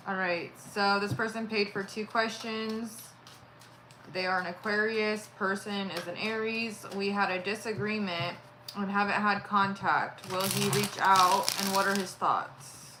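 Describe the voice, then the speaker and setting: A woman co-host reading viewer questions aloud in a quiet, matter-of-fact way. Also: mid-range voice, steady tone, measured pace. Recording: echoey room from off-mic, clear background noise.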